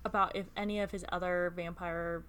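A young woman co-hosting a podcast, retelling a book's chapters in casual chat with lots of "like" and quick laughs. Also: fairly low pitch, clean tone. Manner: giggly, animated retelling with filler "like". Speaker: podcast co-host. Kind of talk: casual book-club chat.

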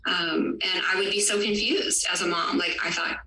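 Bright-voiced woman in an echoey room. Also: fairly low pitch, steady tone. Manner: earnest, halting, many "you know" fillers. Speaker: podcast host and parent. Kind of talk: personal reflective conversation. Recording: distant echoey room, faint background noise.

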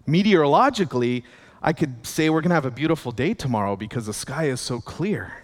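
Preacher doing an eager sidekick, rambling on, echoing hall. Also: male voice, fairly high pitch, lively intonation, brisk. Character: earnest male companion gazing at stars.

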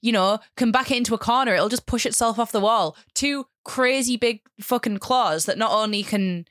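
A woman's voice: a little high, normal speed, a bit bright, no room sound, clean studio sound. A woman co-hosting a podcast in casual chat, rambling with lots of fillers and easily amused. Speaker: podcast co-host.

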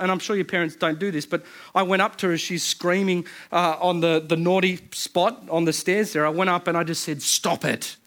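A man in his thirties preaching a sermon, telling it like a story to his listeners. He speaks in a slightly high voice and often breaks off to restart or add an aside. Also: a bit bright. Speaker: pastor.

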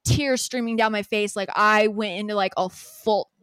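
Young woman, podcast co-host, animated storyteller with a foul mouth, dry close sound. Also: medium pitch, moderate pace, clear, resonant tone, no echo. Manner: animated, swears freely, acts out quotes. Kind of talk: casual storytelling chat.

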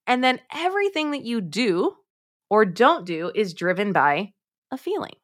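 A woman's voice: a little high, normal speed. A woman, a mom coach, talking as a podcast guest in an emphatic, direct way, acting out the thoughts she quotes. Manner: emphatic, direct, addresses listeners as "my friends"; acts out quoted thoughts in lively voices. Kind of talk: podcast interview.

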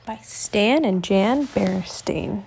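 Woman gently reading a children's storybook aloud. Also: mid-range voice, takes it slowly, gravelly, slight background noise. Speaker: storybook reader.

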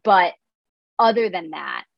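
A woman's voice: on the low side, expressive, slow pace, vocal fry, dry recording, lo-fi sound. A woman in her twenties, a comedian, chatting casually and upbeat in a podcast interview, full of filler words. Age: 20s. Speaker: comedian and content creator, guest.

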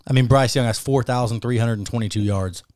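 Fast-talking, profane man in sports chat. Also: mid-range voice, no echo, clean studio sound. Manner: profane, animated, emphatic. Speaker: podcast co-host.

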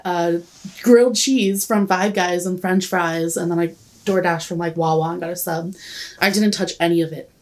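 With a medium-pitched, slightly mellow voice, a young woman in her twenties tells a long story as a guest on a podcast. The conversation is casual, and she rambles, giggles, and says "like" again and again.

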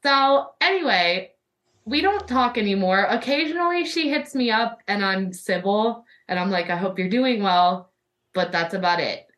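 A woman's voice: mid-range voice, lively intonation, normal speed, a bit bright, recorded from a distance. A young adult woman hosting a podcast, telling a story in casual chat and filling it with "like" and quoted back-and-forth. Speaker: podcast host.

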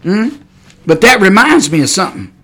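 A man preaching a sermon on a podcast, blunt and folksy, firing rhetorical questions and breaking into sudden shouts. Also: high-pitched, very animated, fairly quick.

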